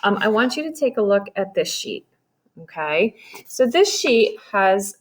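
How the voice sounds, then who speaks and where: A woman teacher giving a recorded lesson to young children, explaining slowly and patiently. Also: mid-range voice, very animated. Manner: patient, slow and explanatory, addressing kids directly.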